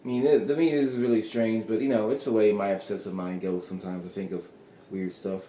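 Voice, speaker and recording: Rambling man with a low voice. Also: level tone, fast, mellow, reverberant, a little hiss or hum. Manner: meandering, chuckling often, trailing off. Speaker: podcast host. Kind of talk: casual rambling monologue.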